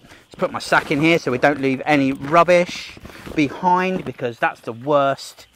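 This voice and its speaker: A man's voice: fairly high pitch, unhurried, a bit bright, a little hiss or hum. A man leading a livestreamed nature walk for children outdoors, enthusiastic, talking straight to the viewer and gasping at what he finds. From Australia. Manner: enthusiastic, talks to the viewer, jokes and gasps at finds.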